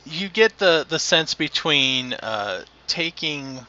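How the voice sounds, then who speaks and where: A man running a tabletop game as game master, describing scenes haltingly with fillers. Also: on the high side, sing-song, pushed and bright, muffled recording.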